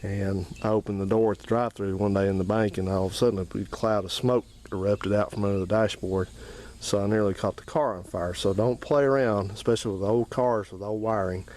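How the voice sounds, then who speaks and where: Hoarse, plain-spoken garage host. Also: male voice, fairly low pitch, steady tone, brisk, a little mellow. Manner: plain-spoken, repeats warnings emphatically. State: getting hoarse. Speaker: home mechanic channel host. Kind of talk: casual how-to talk.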